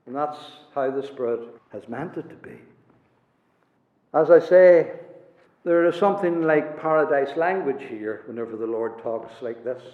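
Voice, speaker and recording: A man preaching a sermon with passion, swinging between soaring lines and hushed ones. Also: a little high. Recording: echoey hall, dull lo-fi sound.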